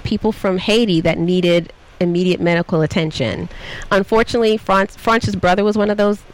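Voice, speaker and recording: A woman's voice: mid-range voice, fairly quick, low-quality recording. Chatty woman co-hosting a show recap. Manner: chatty, laughs often, recaps at length. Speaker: podcast co-host. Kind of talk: casual chat recapping a reality show.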